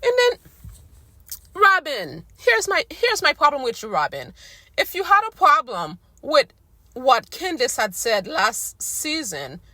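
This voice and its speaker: Exasperated woman ranting, voice going hoarse. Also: sits high, huge pitch swings, slow pace, bright, forceful tone, no room sound. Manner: exasperated, blunt, slangy. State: losing her voice. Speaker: recap vlogger. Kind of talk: casual rant to camera.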